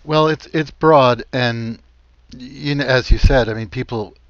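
A man with a New Jersey accent hosting a gardening radio show and interviewing a guest in a halting, conversational way. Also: mid-range voice, no echo, highs cut off.

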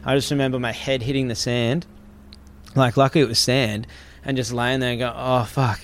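A young Australian man telling a story in casual chat, animated, swearing freely and acting out the people in it. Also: medium pitch, a little fast.

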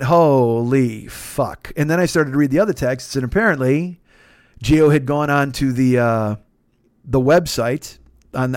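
A man's voice: medium pitch, no room sound. Fifty-something guy rambling thru a story on his podcast, cusses constantly, trips over his words, dry close mic. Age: 50s. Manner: profane, rambling, frequent restarts and self-interruptions. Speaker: comedian podcast host. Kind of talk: casual storytelling monologue.

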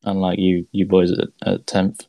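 A man's voice: sits low, completely flat delivery, moderate pace, gravelly, dark tone, no room sound. A man being interviewed as a guest on a podcast, explaining things in a loose, rambling way. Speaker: guest racer. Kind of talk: casual chat.

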